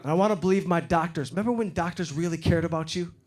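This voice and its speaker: A middle-aged man from Detroit doing a stand-up comedy set on stage, getting loud and animated when he acts out other people. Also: fairly high pitch, fast talker. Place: comedy stage before a live audience. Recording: live show with loud crowd laughter. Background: crowd laughing.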